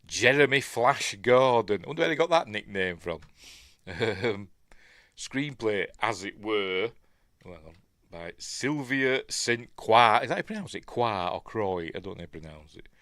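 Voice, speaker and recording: Rambling middle-aged Yorkshire man, lively voice. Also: on the low side, normal speed, no echo, clean studio sound. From Yorkshire, England. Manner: rambling, muttering asides to himself, wondering aloud. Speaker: film review host. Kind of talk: casual film breakdown commentary.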